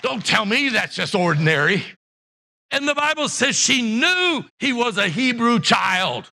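A man preaching a sermon as pastor of a church, impassioned, rising to shouts and acting out the voices of Bible characters. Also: very high voice, sing-song, a little slow, gravelly, a faint crowd. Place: church sanctuary.

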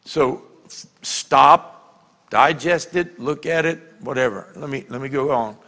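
A man preaching a conversational sermon as a pastor, often repeating words and slowing down to read scripture with emphasis. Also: mid-range voice, bright, forceful tone. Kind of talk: sermon teaching. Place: church sanctuary. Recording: long hall reverb.

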